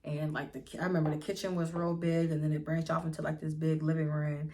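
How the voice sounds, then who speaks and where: Speaking quickly in a voice that sits low, a young Pittsburgh-area vlogger tells a casual storytime to her viewers from home. She's lively, curses freely, and addresses everyone as y'all.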